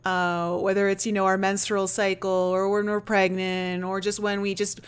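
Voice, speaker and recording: A woman with a mid-range voice hosts a casual podcast interview. She is chatty and animated, drops in "like" and "you know", and reacts with feeling to her guest. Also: mid-range voice, normal speed, smooth. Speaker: podcast host.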